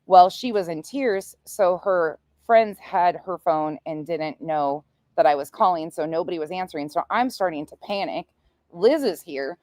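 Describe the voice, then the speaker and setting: Speaking at a moderate pace in a lowish voice, a true crime streamer in her forties spins animated stories, chatting bluntly and profanely with her livestream audience. The audio is dry, with clean studio sound.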